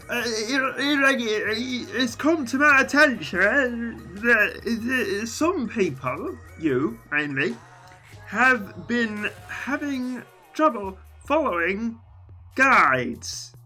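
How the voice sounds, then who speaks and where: A streamer putting on the high, squeaky, stammering voice of a whiny, flustered video maker. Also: bright, forceful tone, exaggerated voice.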